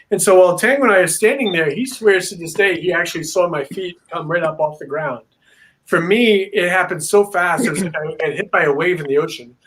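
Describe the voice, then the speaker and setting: A man as a guest on a video-call interview, telling a story in a rambling, filler-heavy, animated way. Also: sits high. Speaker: paranormal investigator guest.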